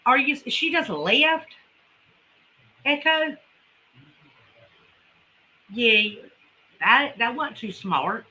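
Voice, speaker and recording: A woman's voice: a little high, very animated, drawn-out words, pauses often, sharp tone, poor audio. A woman with a Southern US accent, chatting folksily with viewers as a homesteading livestream host. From Carolinas, US. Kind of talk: casual livestream chat with viewers.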